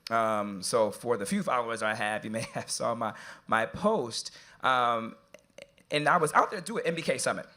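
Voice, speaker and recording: A man moderating a live event, telling an animated, jokey story to the audience that turns quiet and earnest. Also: mid-range voice, moderate pace.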